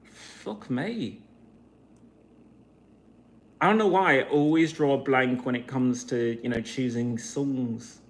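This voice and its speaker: Slow, rambling, profane vlogger. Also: mid-range voice. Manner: profane, meandering, self-questioning. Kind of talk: casual rambling monologue.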